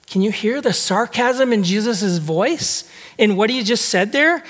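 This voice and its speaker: A man with a high voice delivers a sermon, talking to his congregation in a conversational way and often asking them rhetorical questions. His voice rings out with a long hall reverb around it, as if he were in a large church. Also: moderate pace, fairly bright tone. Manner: acts out quoted speech with shifting tone. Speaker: preacher.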